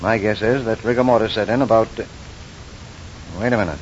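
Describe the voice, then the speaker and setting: A man plays a dry, clinical medical examiner in a vintage radio drama. His voice is fairly low and his delivery clipped and matter-of-fact. The dull old recording carries a faint rumble. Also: steady tone, a little fast, close to an everyday voice. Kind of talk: 1940s radio acting.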